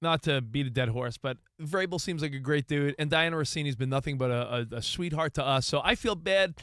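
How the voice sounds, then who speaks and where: A man co-hosting a sports talk show, playful and quick with questions for his partner. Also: on the high side, a bit bright, no room sound, studio quality. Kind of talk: casual sports radio banter.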